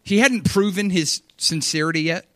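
A man's voice: sits high, moderate pace, no room sound, clean studio sound. A man preaching a sermon, reading scripture aloud and expounding on it with emphatic energy. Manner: animated, emphatic, reads scripture aloud and riffs on it.

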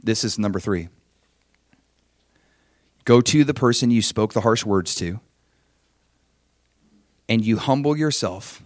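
A man's voice: on the low side, lively intonation, takes it slowly, pauses often, no room sound, studio quality. A man preaching a sermon as pastor, emphatic and conversational, often checking in with his listeners. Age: adult father with children.

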